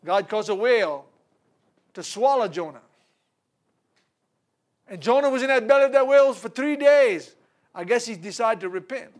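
A man's voice: extremely high pitch, moderate pace, pauses often. A man preaching a sermon, retelling a Bible story with laughter, stumbles and repeated words. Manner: animated storytelling with laughs and repetitions.

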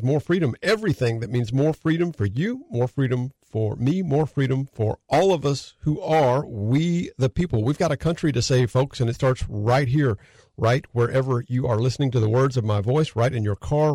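A man hosts a studio radio talk show. He chats in a folksy, repetitive way at an average pitch. The studio sound is dry and close. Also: no room sound. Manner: folksy, repetitive, energetic welcome.

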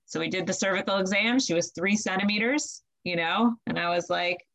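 A young woman, a student midwife, telling stories in a casual podcast interview, animated and quick to laugh. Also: medium pitch, gravelly, poor audio. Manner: animated, laughs often, acts out quotes with her voice.

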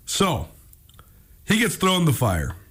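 A man hosting a sports radio show, telling a story in casual chat, animated and laughing often. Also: a little high, slow, husky.

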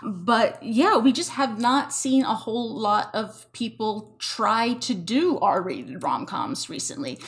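A woman's voice: fairly high pitch, lively intonation, slow pace, few pauses. Chatty woman podcast co-host. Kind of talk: casual chat.

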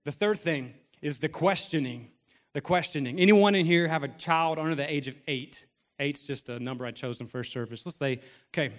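A man's voice: on the high side, moderate pace, long reverb tail. A man in his thirties preaching a sermon in a conversational style, mixing humor and playful acted asides into the message. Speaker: pastor.

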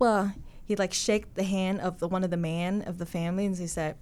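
A woman from northern Vietnam chatting casually and in a relaxed way on a podcast. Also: fairly low pitch, normal speed, clear, resonant tone. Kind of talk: casual chat.

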